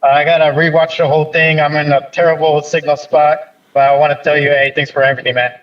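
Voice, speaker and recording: A man's voice: fairly high pitch, level tone. Man calling in over a dull, choppy line. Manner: halting, rambling, many fillers. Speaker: caller. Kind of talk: casual chat.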